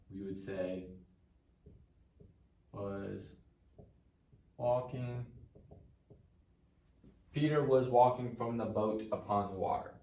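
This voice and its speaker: A man with a fairly low, somewhat mellow voice teaches a Latin lesson, patiently working through translations step by step and saying "okay" often. The recorded walkthrough sounds echoey, with his voice off-mic and distant.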